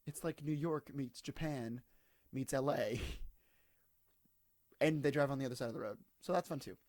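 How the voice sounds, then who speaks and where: A man's voice: mid-range voice, normal speed, darkish tone, dry recording. A tired, slightly hungover man in his twenties, rambling casually to camera in a digressive, self-deprecating way. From United States. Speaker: vlogger.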